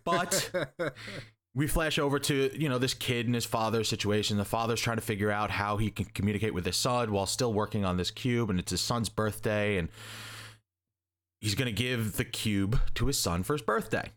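A young podcast co-host with a lowish, slightly bright voice recaps a comic at a moderate pace. He rambles and jokes in casual chat, voicing the characters' lines himself.

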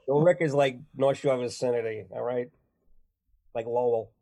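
A man chatting casually as a comedian guest, animated and laughing often between silly bits. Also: mid-range voice, a little slow, pauses often. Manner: animated, laughs a lot, jumps into silly voices.

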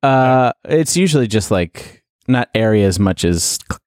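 A man's voice: on the low side, lively intonation, unhurried, a little mellow, no room sound. Canadian male co-host, hesitant casual talker, dry studio sound. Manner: hesitant, many fillers and restarts. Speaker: podcast co-host. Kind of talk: casual chat.

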